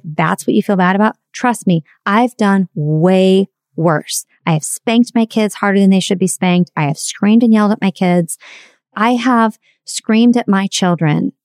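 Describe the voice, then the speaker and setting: A woman's voice: medium pitch, slow pace, a little mellow, no echo, studio quality. A middle-aged woman telling a candid, reflective story about her own parenting in a confessional monologue. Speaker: parenting speaker.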